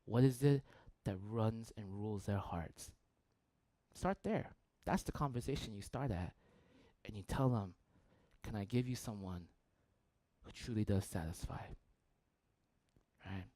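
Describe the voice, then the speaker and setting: A man preaching a sermon as a pastor, telling a story conversationally with frequent "right?" and swinging between loud bursts and hushed near-whispers. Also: lowish voice, a little slow, pauses often, dry recording.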